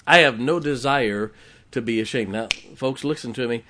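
A man's voice: mid-range voice, moderate pace, fairly bright tone, a little hiss or hum. A man preaching a sermon in a church, folksy and joking as he tells a story to the congregation. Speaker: pastor. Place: church sanctuary.

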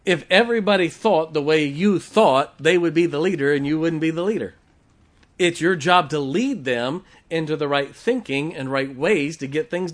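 A middle-aged man preaching a folksy sermon, often asking the congregation questions. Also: a little high. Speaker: pastor.

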